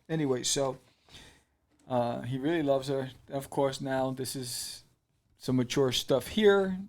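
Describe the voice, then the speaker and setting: A man hosting an indie comics podcast, telling the story in a loose, animated way. He slips into quick character voices and fills pauses with "you know" and "um". His pitch sits in an ordinary middle range. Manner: animated storyteller, acts out character lines, many fillers. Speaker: podcast host reviewing comics. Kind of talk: casual recap and review.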